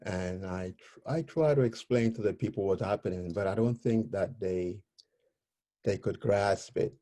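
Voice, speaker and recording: Interview guest, male, mellow tone, halting and searching for words as he tells his story. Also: lowish voice.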